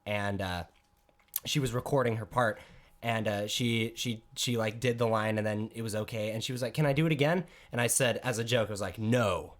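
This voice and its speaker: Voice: medium pitch, fairly even intonation. A podcast co-host chatting casually, making jokes and interrupting. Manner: jokey, quick to interrupt. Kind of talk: casual chat.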